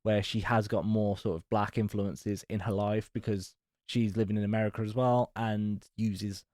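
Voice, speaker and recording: A man's voice: on the low side, fairly even intonation, normal speed, darkish tone, dry recording, studio quality. A man co-hosting a podcast, discussing an album in a chatty, hedging way full of "like" and "maybe". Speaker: podcast co-host. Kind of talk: casual album review chat.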